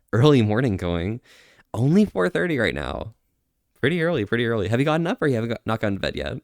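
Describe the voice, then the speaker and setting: A man streaming and chatting casually, soft-spoken, drawing out slow words of praise. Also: mid-range voice, no echo, clean studio sound. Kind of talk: casual livestream chat.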